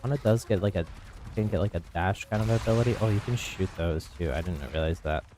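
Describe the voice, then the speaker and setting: Brief: male streamer, relaxed chatty commentary, lowish mellow voice, faint hiss behind. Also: fast. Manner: chatty, easygoing, laughs at himself. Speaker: streamer playing with viewers. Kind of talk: casual live gameplay commentary.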